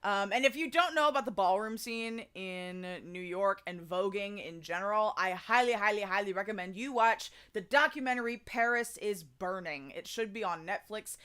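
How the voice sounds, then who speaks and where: A young woman hosting a karaoke stream rambles casually to her viewers, full of fillers and restarts. She speaks in a smooth, mid-range voice that is a bit bright.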